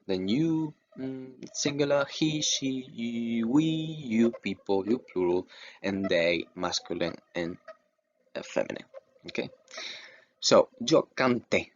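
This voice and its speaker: A man teaching grammar over slides, explaining patiently and checking in with "okay" as he goes. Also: fairly low pitch. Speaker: Spanish teacher. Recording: dull lo-fi voice recording with faint noise.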